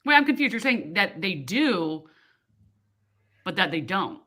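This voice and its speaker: A woman's voice: medium pitch, unhurried. A woman chatting casually on a video call, telling a work story with lots of acted-out quotes. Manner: animated storyteller, acts out quoted people. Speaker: co-host of a reading sprint livestream. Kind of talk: casual chat.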